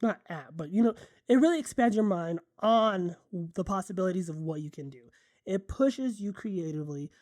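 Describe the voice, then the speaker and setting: A woman's voice: fairly low pitch, lively intonation, moderate pace, a little mellow, no room sound, studio quality. A woman photographer chatting casually in a vlog, rambling and enthusiastic, often correcting herself mid-sentence. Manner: drinking coffee while talking. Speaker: photographer and content creator.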